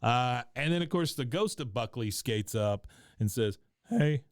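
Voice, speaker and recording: A man's voice: mid-range voice, expressive, normal speed, dry recording, studio quality. A man co-hosting a podcast, recapping a cartoon episode in casual chat and acting out the characters' lines as he goes. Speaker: podcast co-host.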